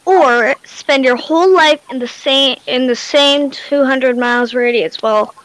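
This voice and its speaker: A woman's voice: high-pitched, measured pace, fairly bright tone, no echo, low-quality recording. A woman hosting a livestream, reading out questions in an upbeat, chatty way. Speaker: livestream host. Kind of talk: casual chat reading questions.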